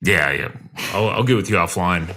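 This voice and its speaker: A man co-hosting a podcast, giving a deadpan mock military brief in a clipped way. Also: sits low, normal speed, slight background noise. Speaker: podcast co-host.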